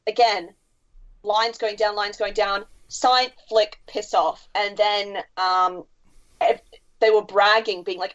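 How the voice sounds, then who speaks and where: A woman's voice: mid-range voice, fairly even intonation, slow, fairly bright tone. Chatty woman, lo-fi podcast sound. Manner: chatty storyteller, swears freely. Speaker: podcast co-host. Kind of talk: casual podcast chat. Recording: dull lo-fi sound.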